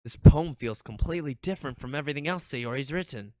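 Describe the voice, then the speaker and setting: A streamer casually commenting and reading game text aloud, animated, swearing and nervously laughing. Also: mid-range voice, fast, no echo.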